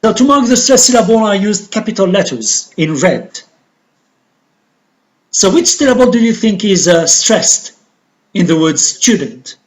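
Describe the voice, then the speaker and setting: Slow, lively-voiced male English teacher. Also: high-pitched. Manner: slow, deliberate, repeats model words. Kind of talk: recorded pronunciation lesson.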